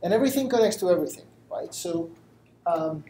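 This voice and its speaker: French-accented man lecturing, mellow voice. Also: high voice, expressive, a little fast, slight background noise, poor audio. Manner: self-deprecating, explains with simple examples. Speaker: guest lecturer. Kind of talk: live lecture to a study group. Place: room with a live audience.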